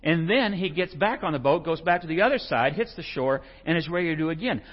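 A man's voice: on the high side, a little fast. A man preaching a casual, conversational sermon, reading scripture and acting out the quoted lines. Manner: animated, conversational, acts out quotes. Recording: lo-fi muffled recording.

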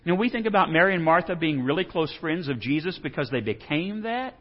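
A man's voice: a little high, lively intonation, quick pace. A man from Texas, teaching a Bible lesson in a folksy, joking way and asking the audience questions. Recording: dull reverberant hall sound.

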